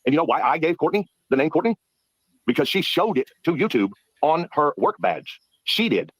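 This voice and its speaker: A man's voice: on the high side, very animated, a bit bright, slightly rough, no room sound, low-quality recording. A man pressing a guest with pointed questions in a heated online debate. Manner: pointed, interrogating, rapid talker.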